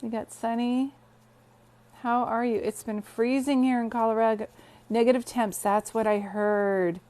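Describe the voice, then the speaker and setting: A woman's voice: a little high, steady tone, a little slow, dark tone. A woman hosting a casual phone livestream from her bed, greeting viewers and telling stories in a chatty way. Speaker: psychic medium livestream host. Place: bedroom, sitting on bed.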